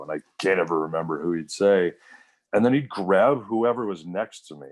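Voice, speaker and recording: Very deep-voiced man telling stories. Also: fairly quick. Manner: rambling, heavy on fillers and quoted voices. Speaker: wrestler guest. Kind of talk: casual interview storytelling.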